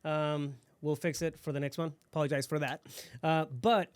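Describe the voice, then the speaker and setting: A man's voice: on the high side, level tone, moderate pace, no echo. A man hosting a podcast, Spanish a first language, chatting casually with upbeat hype sign-offs. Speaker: podcast host.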